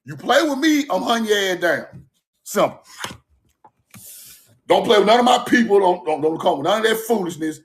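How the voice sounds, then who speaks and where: A man ranting loudly on a livestream from home, swearing, repeating "bro" and laughing between points. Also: high-pitched, big pitch swings, moderate pace, pauses often. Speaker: livestream host. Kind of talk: heated livestream rant.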